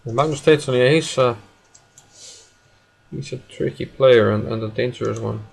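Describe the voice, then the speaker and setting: Gravelly Icelandic chess commentator. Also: male voice, medium pitch, normal speed. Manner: calls out moves in short bursts. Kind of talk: live commentary chat.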